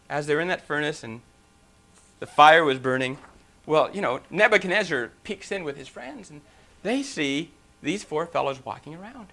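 Male preacher, slightly high, bright voice, reads scripture then explains it with animated asides. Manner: loud and animated in places. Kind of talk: sermon.

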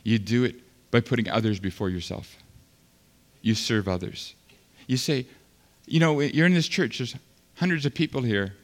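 A man preaching a sermon as pastor, swinging between loud fervent passages and quiet, earnest stretches. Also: mid-range voice, moderate pace. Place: large church sanctuary. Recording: long hall reverb.

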